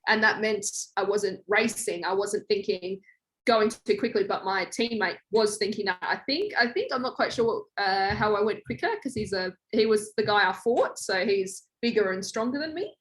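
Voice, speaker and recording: A young woman guest in a podcast interview, telling a story in a lively way and acting out quoted lines. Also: moderate pace. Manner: animated, acts out quoted lines with big pitch jumps. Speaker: guest, former reality show contestant.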